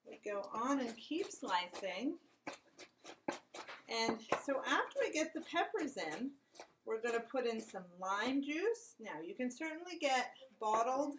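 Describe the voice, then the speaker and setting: A woman's voice: sits high, background noise. A woman hosting a home cooking show, walking through each step of a recipe in a casual, chatty way and chatting with a child in the kitchen. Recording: loud kitchen clatter of dishes and pans.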